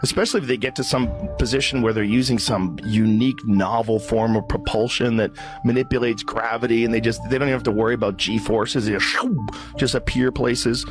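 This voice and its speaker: A man's voice: mid-range voice, steady tone, fairly quick, music in the background. A man in a podcast conversation, explaining his thinking at length.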